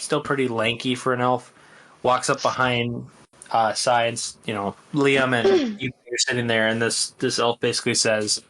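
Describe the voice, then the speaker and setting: A man's voice: mid-range voice, measured pace, fairly bright tone. A man narrating a tabletop game as its game master, hesitant and full of filler words.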